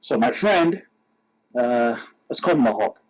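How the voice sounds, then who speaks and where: A man's voice: mid-range voice, unhurried, rough recording. A man on a podcast telling a story casually, laughing and acting out his friends' lines. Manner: animated, laughing, voices friends in quotes. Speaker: podcast co-host.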